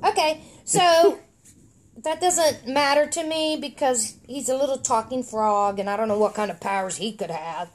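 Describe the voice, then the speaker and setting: A woman's voice: fairly high pitch, normal speed. A middle-aged woman reading a comic aloud on a podcast with chatty, wry asides. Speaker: podcast co-host reading a story.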